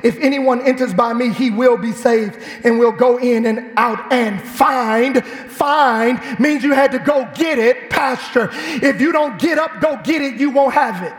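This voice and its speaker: A man preaching a fiery sermon in a church, with an animated, shouting delivery. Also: extremely high pitch, a little slow, hardly any pauses, soft background music. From Chicago. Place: church sanctuary. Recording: echoey church hall.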